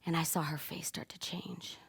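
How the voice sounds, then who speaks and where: A woman, probably in her thirties, telling a personal story to an audience, animated and acting out the moments she describes. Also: low-pitched, moderate pace, vocal fry, husky. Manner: animated, acts out voices and screams in her story. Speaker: speaker giving a stage talk.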